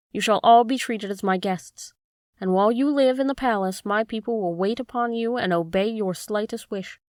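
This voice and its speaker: A woman reads a small humbug wizard, an elderly man who speaks gently and a little sheepishly. The voice sits mid-pitch and close, in a dry room with no echo. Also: lightly acted.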